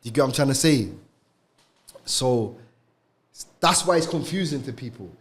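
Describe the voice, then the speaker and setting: A man's voice: mid-range voice, animated, moderate pace. A young man, co-hosting a podcast and talking casually about faith in street slang, often adding "bro" and "you get me". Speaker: podcast co-host. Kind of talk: casual religious discussion.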